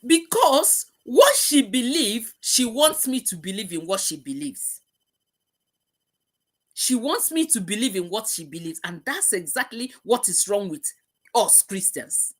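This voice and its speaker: This middle-aged woman, hosting an emotional live-stream talk, preaches with passion and tends to repeat herself. She talks a little slowly, her slightly high voice swinging widely in pitch.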